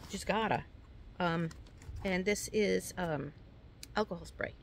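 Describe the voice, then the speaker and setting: Chatty New York woman, low-pitched. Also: slow pace, creaky, slight background noise. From New York, USA. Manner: chatty, rambling with many fillers. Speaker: hiking vlogger. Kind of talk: casual show-and-tell.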